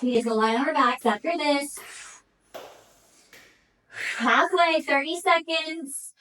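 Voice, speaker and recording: During a guided pilates session, the instructor counts reps aloud and encourages her class, slightly out of breath. Her voice sits high, slow, and a bit bright, captured from a distance on a low-quality recording with a little hiss or hum.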